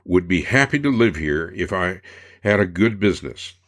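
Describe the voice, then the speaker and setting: A man narrating, reading old personal letters aloud in a measured, unhurried way. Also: deep voice, lively intonation, a bit bright.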